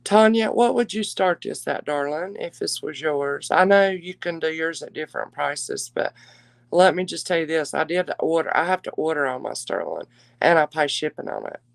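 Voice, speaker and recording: A woman's voice: sits low, lively intonation, normal speed, gravelly, dry recording. A woman hosting a live-stream jewelry auction, chatting with viewers and calling them darling. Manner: chatty, warm endearments to viewers.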